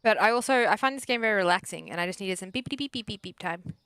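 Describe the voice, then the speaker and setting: A woman's voice: medium pitch, animated, racing, fairly bright tone, smooth, dry recording, rough recording. Chatty woman streaming a game. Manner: chatty, playful, breaks off to coo at her dog; makes sing-song beeping sounds while scanning items. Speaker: streamer and therapist. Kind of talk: casual gameplay chat. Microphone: desk microphone.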